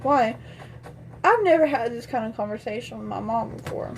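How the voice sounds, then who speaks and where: A woman's voice: a little high, expressive, normal speed, slight background noise. A young adult woman vlogger casually telling a personal story, chatty and full of "and I'm like" retellings.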